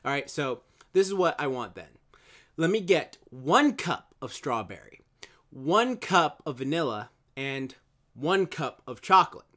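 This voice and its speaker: A clueless woman caller ordering ice cream, bubbly and a little higher than normal talk, as a man puts her on in a joke. Her voice is bright and light, her manner oblivious and cheerful. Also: lively intonation, unhurried. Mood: chirpy. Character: confused woman phoning an ice cream shop.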